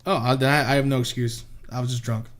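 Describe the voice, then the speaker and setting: A man's voice: medium pitch, fairly even intonation, brisk, a little hiss or hum. A young man co-hosting a podcast, chatting loosely with a lot of laughing and swearing. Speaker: podcast co-host. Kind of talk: casual chat.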